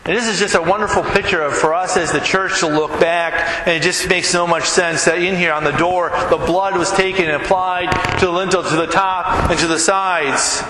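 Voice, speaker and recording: A man's voice: sits high, fairly even intonation, normal speed, few pauses. A man preaching a sermon as a pastor, telling stories with conversational asides to the congregation. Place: church sanctuary. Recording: echoey hall with long reverb, faint room noise.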